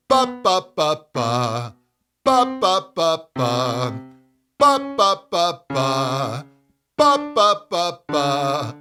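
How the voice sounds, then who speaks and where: A man as a vocal coach giving a singing lesson in a calm, deliberate, encouraging way. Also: mid-range voice.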